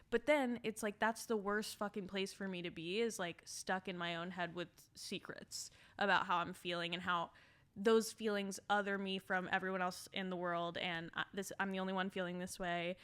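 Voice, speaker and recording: A woman's voice: mid-range voice, brisk, a bit bright. A woman hosting a podcast, talking casually and frankly about herself, self-deprecating and swearing freely. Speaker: podcast host. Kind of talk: casual candid chat.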